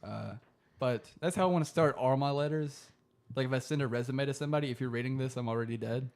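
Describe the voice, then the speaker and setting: A man's voice: mid-range voice, fast talker, a little mellow. A young man co-hosting a podcast, casually recapping a TV episode in a rambling, laughing way, swearing freely. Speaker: podcast co-host.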